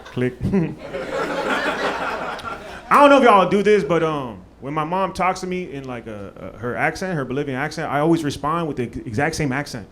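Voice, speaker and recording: A man's voice: fairly high pitch, expressive, measured pace, long pauses, noisy background. Loose, profane stand-up comic, a man. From Maryland, USA. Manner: loose, profane, filler-heavy. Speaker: stand-up comedian. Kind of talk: stand-up comedy set. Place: comedy club stage.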